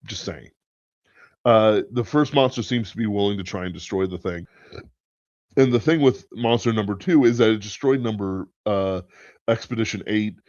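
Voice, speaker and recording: The podcast host has a lowish, slightly mellow voice and talks at a normal speed, musing aloud and cursing now and then. The sound is dull and lo-fi, dry with no room sound.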